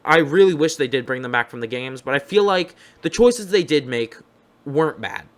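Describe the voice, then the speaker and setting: A man's voice: fairly high pitch, animated, moderate pace. A young man giving casual, upbeat reaction commentary as a video host, rambling and correcting himself as he goes.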